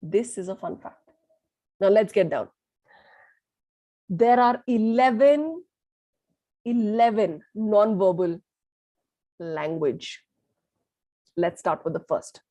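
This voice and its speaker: A young woman with an Indian accent teaching an online lesson in a lively way, mixing in Hindi and asking her listeners questions. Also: medium pitch, slow pace, pauses often, no echo. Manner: lively, switches between English and Hindi, asks the audience questions. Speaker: communication skills teacher.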